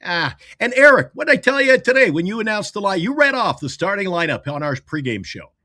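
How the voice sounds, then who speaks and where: A man's voice: sits high, sing-song, a little fast, sharp tone, dry recording, clean studio sound. A man co-hosting a fan sports talk stream, joking sarcastically. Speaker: podcast co-host.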